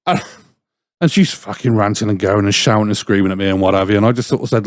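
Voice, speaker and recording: A man's voice: fairly low pitch, fast, no room sound, clean studio sound. A man, telling a rambling, sweary story as a podcast co-host. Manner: swearing, rambling, mimics others in stories. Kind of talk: casual chat, storytelling.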